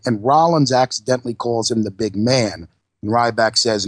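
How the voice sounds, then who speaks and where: A man's voice: medium pitch, steady tone, normal speed, no echo. A man co-hosting an internet radio show, recapping wrestling in loose, profane casual chat. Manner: loose, profane, narrating play-by-play. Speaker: podcast co-host.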